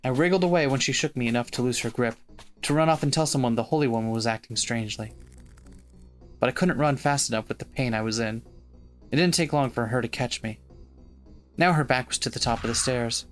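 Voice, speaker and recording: A man's voice: medium pitch, fairly quick, faint music behind. Man narrating a visual novel. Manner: expressive narration with swearing asides. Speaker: podcast co-host. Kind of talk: reading a visual novel aloud.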